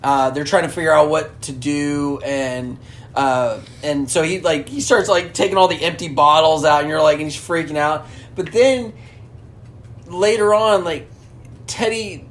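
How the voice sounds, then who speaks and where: Lower-voiced woman rambling through a movie recap. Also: a little slow, slight background noise. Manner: rambling, filler-heavy, laughs often. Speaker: podcast co-host. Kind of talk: casual chat recapping a movie.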